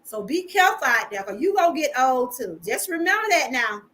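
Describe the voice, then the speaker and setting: A woman's voice: high-pitched, big pitch swings, a little fast, fairly bright tone. A middle-aged woman with a Georgia Southern accent, hosting a casual live stream and chatting with viewers, calling them y'all.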